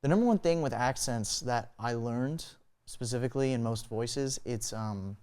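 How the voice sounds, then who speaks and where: A man's voice: medium pitch, normal speed, darkish tone, clear, resonant tone. A young man who is a talk show guest, casually explaining how accents work, rambling with lots of "you know.". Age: young adult. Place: college TV studio.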